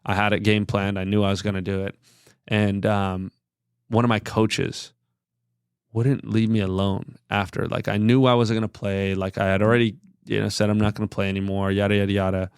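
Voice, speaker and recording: Low-voiced man telling a candid story. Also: flat delivery, normal speed, smooth, no room sound, clean studio sound. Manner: earnest, rambling, heavy use of filler words. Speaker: podcast guest.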